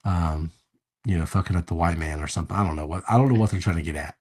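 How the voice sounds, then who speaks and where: A man's voice: low voice, quick pace, darkish tone, husky. A man co-hosting a podcast, chatting loosely about a movie in a laid-back, rambling way with casual swearing. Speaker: podcast co-host. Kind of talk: casual movie review chat.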